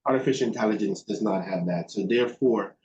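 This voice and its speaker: A man with a lowish voice answers interview questions thoughtfully, often pausing on fillers and restarting his sentences. The sound is roomy and a little dull, as if from a video call. A faint hiss of background noise sits under him. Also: a little mellow. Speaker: guest expert.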